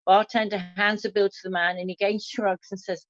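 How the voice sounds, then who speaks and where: This online café show host has a mid-range voice with little pitch movement and talks a little fast, with no echo. In casual chat, she reads listener jokes aloud with small slips, and the audio is dull, dry and lo-fi.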